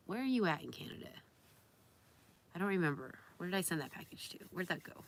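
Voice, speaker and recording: A woman's voice: low voice, expressive, fast. A young woman chatting casually on a live stream, reading viewer comments aloud and cooing baby talk at her dog.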